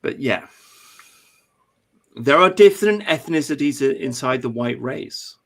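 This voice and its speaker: English man, mid-pitched, host of a live chat stream, emphatic and ranty, stumbles and restarts often. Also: lively intonation, unhurried. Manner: emphatic, ranting, with repeated restarts. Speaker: livestream host. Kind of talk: casual political chat.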